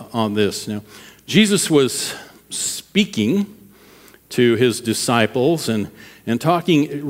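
A man preaching a sermon to his congregation in a conversational manner, often checking that they are following along. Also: medium pitch. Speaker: pastor. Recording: long reverb of a large hall.

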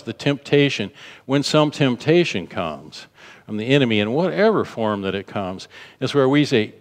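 A man preaching a sermon, telling a story and acting out the people in it, repeating phrases for emphasis. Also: fairly low pitch. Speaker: pastor. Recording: long hall reverb.

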